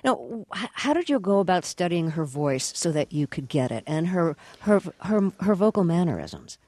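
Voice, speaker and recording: A woman's voice: lowish voice, very animated, moderate pace, darkish tone, no room sound. A woman radio interviewer asking her guest curious, probing questions.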